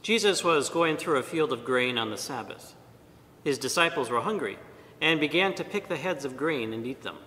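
Priest guy reading at mass, slow and deliberate, bright punchy voice, big echoey church. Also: lively intonation. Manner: measured, deliberate reading with pauses. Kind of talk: liturgical reading and homily. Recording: long church reverb, faint rumble.

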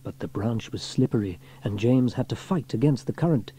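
A man reading a children's storybook aloud in an expressive way. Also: mid-range voice, normal speed, slightly rough.

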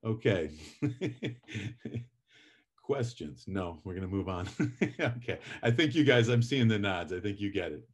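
A middle-aged man runs a public speaking class, his voice sitting a little low. He lectures casually, swinging between loud and quiet to show his points. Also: unhurried, long pauses, husky. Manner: animated, varies volume and pace for effect.

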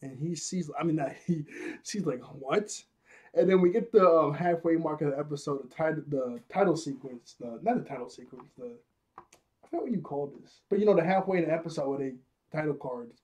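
A man's voice: on the high side, fairly quick, a little mellow. A man giving a casual, rambling episode review, laughing often at his own jokes.

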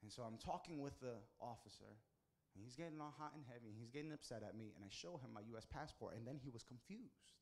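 Here a pastor from the United States tells his sermon like a story, speaking expressively at a quick pace. He lifts his voice in pitch and volume to stress key moments.

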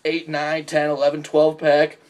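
A young man with a fairly high voice rants into his camera. His delivery is blunt and full of profanity. He keeps slipping into mocking impressions of other people. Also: monotone, moderate pace, highs cut off. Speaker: vlogger giving dating advice. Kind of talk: ranting comedic vlog.

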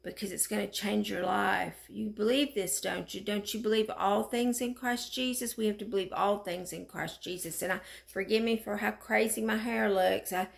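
Woman praying real early in the morning, raspy fry in her voice, super fervent. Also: mid-range voice, steady tone, normal speed, few pauses. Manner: fervent, declaring and decreeing. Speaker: prayer leader. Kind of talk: early-morning prayer and scripture reading. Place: at home, just woken up.

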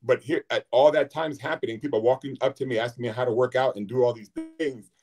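A man's voice: medium pitch, steady tone, fast talker, darkish tone. A man in his forties, a guest on a live talk show, speaking candidly and earnestly in a rambling way full of fillers. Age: 40s.

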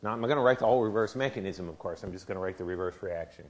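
A man's voice: low voice, rapid-fire. Casting: male chemistry professor, lecture hall, chatty and quizzing the class. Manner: asks the class questions, conversational. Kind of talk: university lecture.

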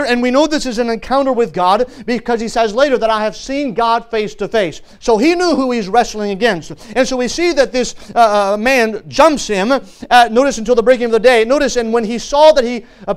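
A man preaching a church sermon as pastor, emphatic and swinging between forceful stresses and sudden quiet drops. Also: extremely high pitch, a little fast, hardly any pauses, clear, resonant tone. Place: church service.

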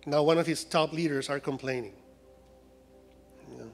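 In a church sanctuary with a big-room sound and soft background music, a Mexican guest preacher with a Mexican Spanish accent delivers a funny sermon. He speaks at normal speed in a fairly high, fairly even voice, mimicking people who complain.

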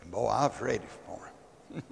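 A man's voice: lowish voice, expressive, normal speed, creaky, slight background noise. An older man preaching, telling a folksy story that acts out both sides of a quarrel. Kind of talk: sermon testimony. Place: church sanctuary. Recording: long church reverb.

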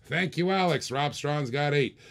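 A man hosting a live-streamed toy car auction, calling bids in quick repeated bursts with chatty asides to viewers. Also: fairly high pitch, creaky, fairly bright tone. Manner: rapid repetitive bid calling, chatty asides. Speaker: auctioneer host.

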